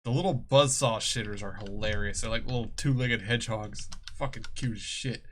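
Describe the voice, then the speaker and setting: A man's voice: on the low side, fairly quick, a little hiss or hum. A man streaming a game, chatting casually and joking playfully with his co-host. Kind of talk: casual chat while gaming.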